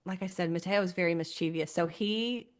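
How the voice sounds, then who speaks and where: Podcast co-host, woman, 30s, lively storyteller who laughs often and acts out quotes. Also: on the low side, fairly quick. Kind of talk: casual chat.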